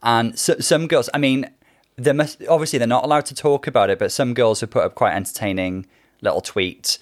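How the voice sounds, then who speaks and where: British male co-host, mid-pitched, wry and chatty. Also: a little fast. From Britain. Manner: wry, chatty, laughs often. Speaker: podcast co-host. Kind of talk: casual chat.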